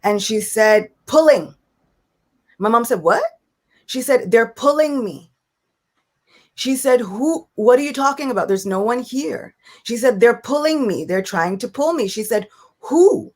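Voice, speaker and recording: A young woman guest in casual spiritual talk, telling a family story with lively acted-out voices. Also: on the high side, measured pace. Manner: animated storyteller, acts out quoted voices. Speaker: guest speaker.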